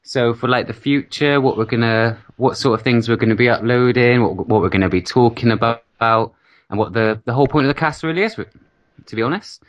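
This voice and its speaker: A man's voice: mid-range voice, fairly quick, dry recording, muffled recording. Easygoing British man with a dry sound. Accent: British English. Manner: easygoing, laughs often, self-mocking. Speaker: podcast co-host. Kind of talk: casual gaming podcast chat.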